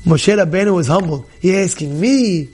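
A man teaching a Torah class, animated, acting out characters and questioning his listeners. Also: high-pitched, normal speed, slightly rough. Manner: animated, acts out characters, asks the audience questions. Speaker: rabbi.

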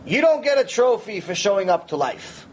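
A man teaching a Torah lecture, telling stories in an animated way and sprinkling in Hebrew terms and "you know". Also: sits high, normal speed, slight background noise, rough recording. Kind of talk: lecture with storytelling.

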